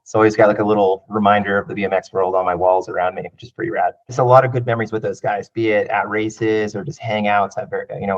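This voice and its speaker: A man in his thirties from California, telling relaxed, rambling stories as an interview guest and often saying "like" and "you know". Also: on the low side. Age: 30s. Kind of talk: casual interview storytelling. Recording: dull lo-fi audio.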